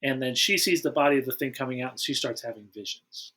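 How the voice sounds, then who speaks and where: Rambling, eager man with a bright voice. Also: medium pitch, quick pace, slightly rough. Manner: enthusiastic, rambling retelling. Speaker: podcast host. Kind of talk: casual film chat.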